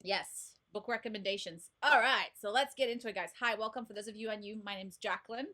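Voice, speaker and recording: Speaking quickly in a bright, forceful, medium-pitched voice, a woman in her thirties runs a casual oracle card reading live stream from her home desk, chatting bubbly and greeting viewers by name.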